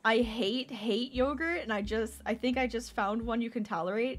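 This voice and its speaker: Brief: a young woman hosting a game stream; excitable, quick to cheer, fairly high-pitched. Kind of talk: let's-play commentary.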